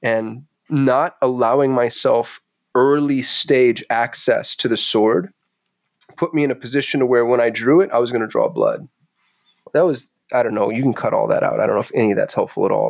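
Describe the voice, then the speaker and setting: A man's voice: medium pitch, moderate pace, gravelly. A man speaks candidly as a podcast guest, intense and confessional, swearing freely. His voice sits in a middle register, and the sound is dry and close with no room echo. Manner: intense, swearing, confessional, animated when retelling. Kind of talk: candid conversational storytelling. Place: Phoenix.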